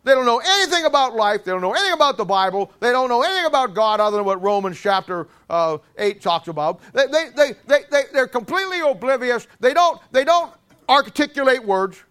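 A man preaching a sermon in an animated, humorous way, stammering restarts and acting out little scenes. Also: very high voice, a little fast, clear, resonant tone.

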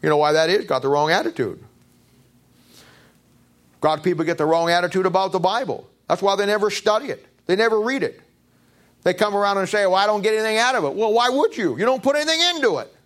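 Male pastor, high voice, preaching with rhetorical questions and wide pitch swings. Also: fairly quick. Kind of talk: sermon. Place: church.

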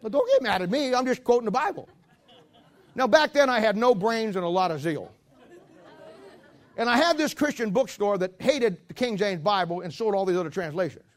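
A man's voice: sits high, animated, brisk, a faint crowd. A man pastor preaching a sermon as a rambling, joking storyteller who walks about while he preaches.

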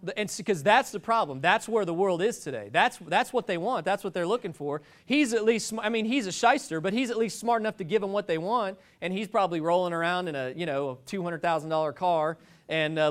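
A man's voice: high-pitched, fairly quick. A man preaching a sermon, telling stories in a rambling, joking way with many restarts.

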